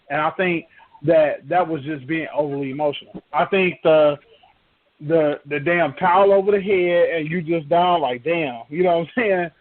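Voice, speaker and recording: A man hosting a sports talk podcast, rambling and emphatic, with many fillers and restarts. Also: fairly high pitch. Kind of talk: casual sports banter. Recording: tinny phone-like podcast audio.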